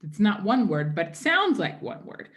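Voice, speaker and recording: A woman's voice: mid-range voice, sing-song, moderate pace, fairly bright tone. Woman teacher who keeps asking "right?". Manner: keeps checking in with "right?" and "okay?"; patient, explaining step by step. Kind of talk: online class lecture.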